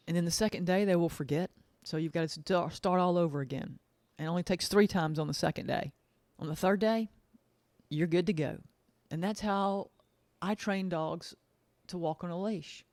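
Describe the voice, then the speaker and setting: A woman's voice: fairly low pitch, normal speed, darkish tone, no room sound. Pet sitter lady rambling, folksy, says things twice, dry close mic. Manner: chatty, folksy, repeats herself for emphasis. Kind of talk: casual storytelling monologue.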